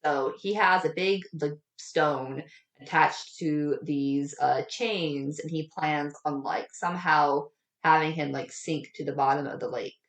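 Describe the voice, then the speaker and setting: A woman's voice: low voice, steady tone, a little slow, echoey room, distant mic. A woman co-hosting a casual movie review podcast, acting out the characters' lines with big jumps in her voice. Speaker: podcast co-host.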